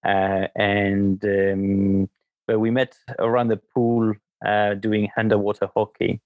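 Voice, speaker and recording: A man in his thirties with a French accent, talking in a casual podcast interview. His voice sits low and he circles through fillers and restarts as he goes. The sound is dry and close. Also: little pitch movement, slow, no room sound, narrow, tinny audio. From south of France. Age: 30s. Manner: hesitant, many fillers and repeated words. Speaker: podcast guest.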